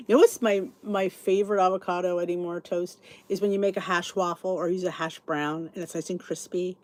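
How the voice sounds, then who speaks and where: A middle-aged woman hosts a podcast in a low, slightly mellow voice, speaking briskly and steadily with hardly any pauses. Sleepy and yawning, she rambles through her thoughts and responds to live comments.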